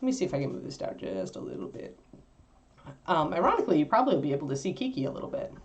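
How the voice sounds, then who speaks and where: Lively woman hosting a livestream. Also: deep voice, racing, slight background noise. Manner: animated, laughing, coos at her puppy. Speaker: livestream host. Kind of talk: casual livestream chat.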